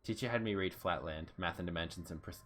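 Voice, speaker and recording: A man's voice: low voice, fast, fairly bright tone. A man streaming a story game and making casual, joking, self-deprecating commentary as he reads the text aloud. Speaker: let's-play streamer.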